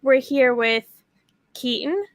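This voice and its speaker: A woman with a New York accent hosting a casual livestream interview, upbeat and chatty, with quick little affirmations. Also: high-pitched, animated. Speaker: livestream host.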